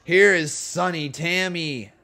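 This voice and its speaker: A man's voice: on the high side, slow, gravelly, faint music behind. A man hosting a casual live stream, calling old wrestling matches and reading chat aloud, his voice a little sore and tired. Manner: laid-back play-by-play, reads chat aloud, jumps to hyped shouting. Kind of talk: casual wrestling watch-along commentary.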